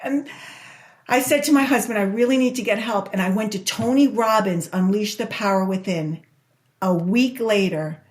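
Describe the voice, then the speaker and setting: A woman in her sixties from Spain, a guest talking candidly about her life, emotional and quick, repeating words as she goes. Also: medium pitch. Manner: emotional, rushed, repeats herself. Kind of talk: candid interview storytelling. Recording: echoey room.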